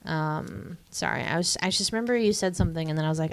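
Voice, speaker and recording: A woman's voice: low-pitched, normal speed, clear, resonant tone. Playful young woman, casual podcast co-host. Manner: playful, giggly, swears casually. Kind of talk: casual chat.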